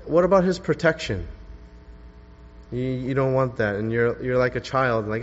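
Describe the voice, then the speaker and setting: A man's voice: medium pitch, animated, unhurried. A man preaching an earnest sermon and reading scripture aloud with weight on the key words. His voice sits in the middle range and rings with the long reverb of a church hall. The lo-fi recording sounds a little dull.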